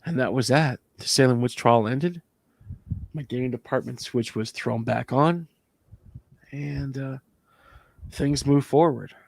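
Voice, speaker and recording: A man's voice: medium pitch, measured pace, gravelly, pauses often, darkish tone, dry recording. A man, a former convention staffer co-hosting a podcast, telling a long profane story in an emotional, rambling way. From Canada. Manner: profane, emotional, rambling retelling with acted quotes. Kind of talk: casual storytelling chat.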